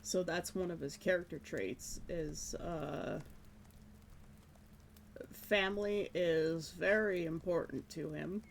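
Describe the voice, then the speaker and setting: On a live stream, a woman chats casually as she draws, musing on her work and poking fun at it, often breaking into light laughs. Her voice is on the low side and slow, with a slight creak and a bit of background noise.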